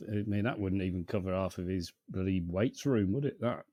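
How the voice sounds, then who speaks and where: A man's voice: low voice, a little fast, warm tone, no echo. A man co-hosting a podcast, riffing sarcastically with lots of swearing and laughs. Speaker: podcast co-host. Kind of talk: casual chat.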